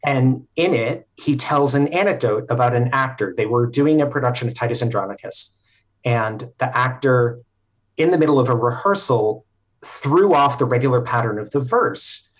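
A man talking as a podcast guest at a mid-range pitch. He explains things thoughtfully and casually, pausing on frequent fillers as he works through a story. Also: animated.

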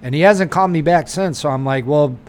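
A podcast co-host with a slightly high voice, speaking a little fast, relates a story in casual chat. He's lively, curses constantly, and dramatizes what others said.

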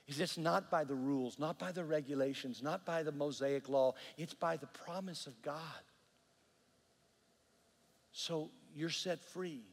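A man preaching a sermon, telling a story with earnest, animated delivery and repeated words. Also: a little high, gravelly, big-room sound. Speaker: pastor.

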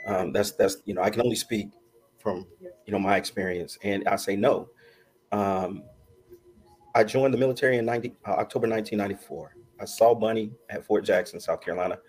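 A man's voice: fairly low pitch, steady tone, a little fast, darkish tone, slightly rough. A middle-aged man, a podcast guest, telling a long personal story in casual chat, laughing often and acting out what people said.

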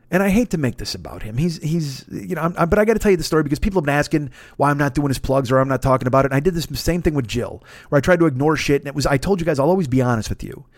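Man in his fifties, podcast host, casual storytelling, swears a lot, stumbles and restarts, mid-pitched voice, dry close sound. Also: dry recording. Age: 50s. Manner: profane, rambling, frequent restarts and self-interruptions.

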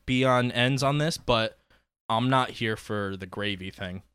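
A man's voice: medium pitch, a little slow, fairly bright tone, smooth, dry recording. A man on a podcast as a guest, chatting casually, telling stories with a lot of swearing and joking. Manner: profane, joking storyteller. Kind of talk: casual chat.

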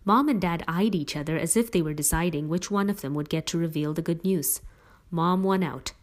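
A woman reading a first-person story aloud in a steady, plain narrating voice. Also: sits low, normal speed. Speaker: audiobook reader.

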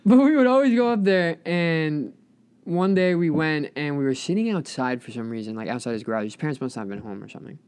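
A young man telling a story in casual chat, animated, often laughing and swearing. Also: fairly high pitch, fast talker, smooth. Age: young adult. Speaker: guest.

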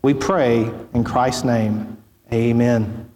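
Solemn pastor in an echoey church. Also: male voice, medium pitch, steady tone, a little mellow, slight background noise. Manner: solemn, measured reading. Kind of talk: sermon with scripture reading. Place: church sanctuary.

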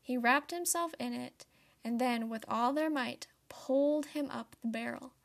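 A teenage girl reads a story aloud in a soft, steady voice. It sits a little high with noticeable vocal fry. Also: a little slow. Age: late teens. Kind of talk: storybook narration.

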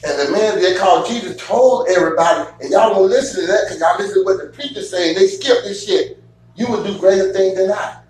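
A man hosting a casual chat, telling stories in a profane, animated way and getting loud at times. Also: sits high, fairly quick. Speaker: show host. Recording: echoey room from far off, faint hum.

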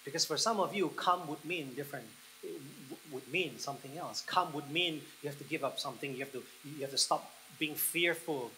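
A man preaching a sermon, leading the listeners through a guided picture with slow, soft pauses that build into excited passages. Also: a little high, a little hiss or hum, rough recording. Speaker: pastor.

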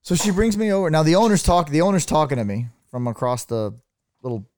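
A man's voice: fairly high pitch, fast, darkish tone. Storytelling man, casual podcast co-host. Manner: storytelling, acts out quoted voices. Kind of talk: casual chat.

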